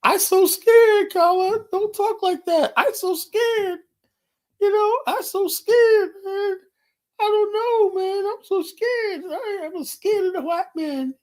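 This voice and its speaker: A whimpering, terrified man. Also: slow. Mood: whimpering mockery. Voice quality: whiny, trembling falsetto. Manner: mocking, exaggerated whimpering. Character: timid frightened man, whimpering, fearful.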